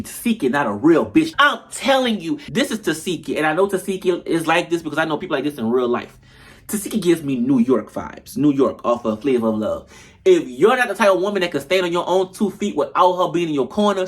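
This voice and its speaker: Man, fairly high voice, animated, slangy, casual show recap. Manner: animated, slangy and profane, addresses viewers as y'all. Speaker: show reviewer.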